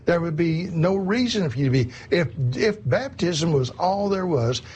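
A man's voice: a little high, lively intonation, moderate pace, a little mellow, slightly rough. A man preaching a sermon in an earnest, repetitive way, often calling his listeners "my friends".

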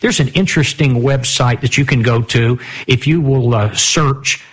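In a slightly husky, middle-pitched voice at a moderate pace, a man leads a Bible study. He reads scripture aloud in a plain teaching manner and keeps posing rhetorical questions to his listeners.

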